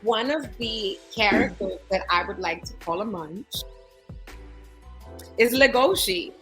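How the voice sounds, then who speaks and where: A woman from New York talks through ideas on a casual podcast, stopping and restarting with lots of fillers. Her voice is bright and forward. Faint music plays under the talk. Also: mid-range voice, expressive, slow pace, low-quality recording. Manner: loose and conversational, many fillers. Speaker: podcast co-host. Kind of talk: casual chat.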